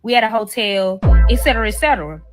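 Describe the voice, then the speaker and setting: In a played clip, a fast-talking woman with a mid-range voice tells a story-time tale full of profanity, with faint music in the background. She delivers it with animation, cursing and performing the dialogue she quotes.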